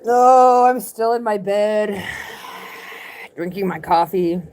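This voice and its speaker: A woman's voice: medium pitch, takes it slowly, darkish tone. Rambling, irreverent woman live streaming. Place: in a tent, sitting on her bed.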